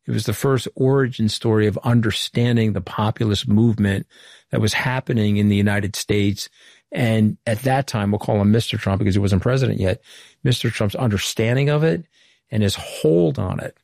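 A middle-aged Long Island man, once White House communications director, speaks as an interview guest, candidly sharing anecdotes and acting out old conversations. His voice is lowish, gravelly and darkish, at a moderate pace. The studio-quality recording has no room sound.

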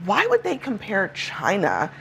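Female panel host, brisk questioning, mid pitch, faint hum behind. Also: wildly swooping pitch, vocal fry, fairly bright tone. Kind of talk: political panel moderating.

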